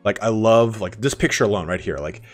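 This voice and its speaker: A man's voice: lowish voice, fairly quick, soft background music. A man giving casual, rambling game commentary, full of fillers and restarts. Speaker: gaming commentator.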